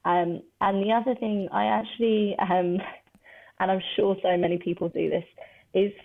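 A woman's voice: medium pitch, fairly even intonation, moderate pace, creaky. A woman working as a veterinary nurse, chatting casually in an interview and laughing often. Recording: tinny phone-like line.

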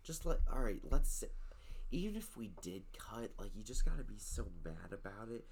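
An eighteen-year-old man chatting casually, saying "like" constantly and often dropping his voice low. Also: very animated, normal speed, a little mellow, slight background noise. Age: teens. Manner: drawling, heavy use of "like", drops to near whisper. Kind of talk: casual chat.

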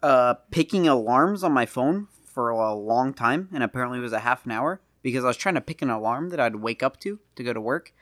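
A young man tells a long, rambling story on a podcast, his voice jumping up and down in pitch and from loud to hushed. He laughs as he goes. The sound is close and dry. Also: expressive, fairly quick, few pauses, no room sound. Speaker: podcast co-host. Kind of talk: casual storytelling chat.

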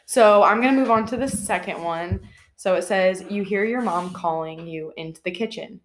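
A woman's voice: medium pitch, normal speed, a little hiss or hum. A young woman co-hosting a podcast, chatting casually and telling scary stories, with lots of fillers. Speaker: podcast co-host.

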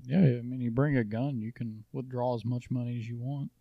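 A man's voice: mid-range voice, fairly even intonation, fairly quick, creaky, no room sound, lo-fi sound. A man co-hosting a podcast, telling stories in a dry, matter-of-fact way. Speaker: podcast co-host. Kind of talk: casual storytelling.

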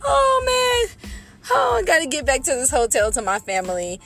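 A young woman talking from her car to her listeners, excitable and exasperated, breaking into laughter often. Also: fairly high pitch, brisk, soft background music. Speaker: podcast host. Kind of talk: casual storytelling to listeners. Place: in her car, parked and driving. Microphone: phone.

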